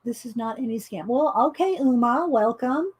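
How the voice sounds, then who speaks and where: A woman's voice: on the high side, expressive, moderate pace, slightly rough. A middle-aged woman, hosting a casual coloring livestream, chatty and laughing often as she greets viewers. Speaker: livestream host demonstrating coloring.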